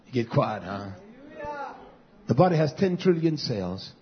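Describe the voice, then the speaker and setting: A man preaching a sermon as pastor, impassioned and swinging between loud and hushed passages. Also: medium pitch, sing-song, measured pace, breathy edge. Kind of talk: sermon to a live stream. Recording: dull lo-fi recording.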